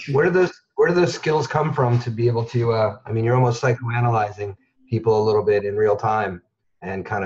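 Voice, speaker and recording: A man moderating a webinar panel, asking halting, searching questions over a video call. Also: on the low side, a little mellow, dull audio.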